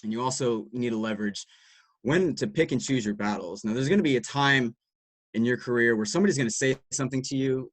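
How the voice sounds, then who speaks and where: A man's voice: medium pitch, fast, no echo. A man, a sports dietitian, giving a candid, reflective talk to practitioners, telling work stories casually and swearing now and then.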